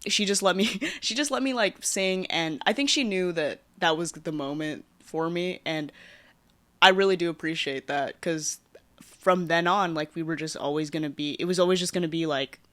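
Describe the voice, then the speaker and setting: A woman hosting her own podcast, telling a personal story in a rambling, casual way with lots of fillers and lively swings in her voice. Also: fairly low pitch, normal speed, dry recording. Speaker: podcast host.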